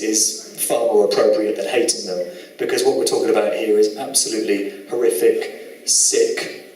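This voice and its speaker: A man from the UK giving an earnest, emphatic presentation with slides, slowing down to stress key words. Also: medium pitch, darkish tone. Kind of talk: lecture with slides. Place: event hall with audience. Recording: echoey hall, mic at a distance.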